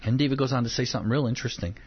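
A man co-hosting a Christian talk show, teaching on a Bible passage in an earnest, searching way, with fillers and slow readings of scripture. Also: medium pitch, husky. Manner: earnest, hesitant with fillers, reads scripture aloud slowly. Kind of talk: devotional Bible teaching in conversation. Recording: dull lo-fi sound.

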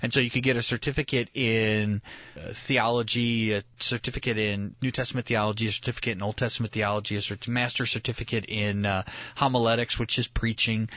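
A man's voice: fairly low pitch, little pitch movement, a little fast, no echo, muffled recording. A young man, a pastor and co-host, telling a story in casual studio chat with many restarts and laughs. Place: radio studio.

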